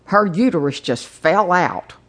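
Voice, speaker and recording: A woman voicing a polite older male driver with a Texan accent, who talks slowly and haltingly. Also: sits high, expressive, fairly bright tone, full character voice.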